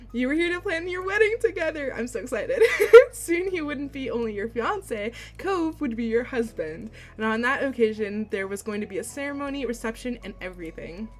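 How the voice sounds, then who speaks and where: A woman streamer reading a visual novel aloud, excitable and giggly, with squealing reactions between read passages. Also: mid-range voice.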